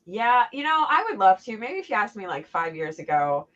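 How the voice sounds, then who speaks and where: A woman guest in a casual interview, telling stories in a blunt, profane and animated way. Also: medium pitch, moderate pace. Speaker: interview guest, former wrestler. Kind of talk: casual chat. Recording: dull lo-fi sound.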